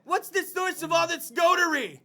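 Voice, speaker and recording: A man hosting a podcast with loose comedic chat, profane and rowdy, often bursting into shouts. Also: very high voice, normal speed. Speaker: podcast host.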